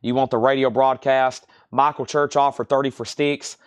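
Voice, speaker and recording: Male live-sale host, brisk auction patter, medium pitch, dry close sound. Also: level tone, clean tone, no room sound. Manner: brisk, repeats titles and prices, chatty asides.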